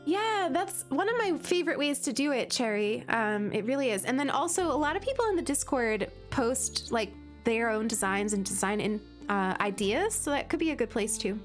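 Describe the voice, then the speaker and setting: A woman's voice: a little high, very animated, moderate pace, hardly any pauses, soft background music. A woman streamer chatting casually and gushing while she plays, with lots of "like" fillers. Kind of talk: casual live-stream chat while playing.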